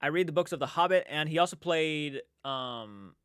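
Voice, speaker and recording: A man's voice: a little high, animated, normal speed, fairly bright tone, smooth, dry recording, studio quality. A young man hosting a casual late-night livestream, reading chat aloud in a sleepy, yawning, rambling way with restarts. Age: young adult.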